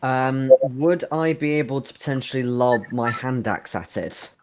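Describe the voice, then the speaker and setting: A man's voice: mid-range voice, measured pace, darkish tone. Eager man playing a tabletop game. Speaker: player. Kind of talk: casual tabletop play. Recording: faint background noise.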